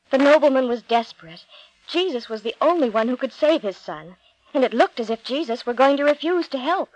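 A woman narrating a Bible storybook in a slow, expressive, deliberate reading. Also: sits high, dry recording, low-quality recording.

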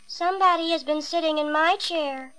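A woman's voice: extremely high pitch, moderate pace, fairly bright tone, pitched above the performer's own voice, rough recording. Woman doing a mild Mother Bear. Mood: puzzled. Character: middle-sized motherly female bear. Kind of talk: storybook read-aloud.

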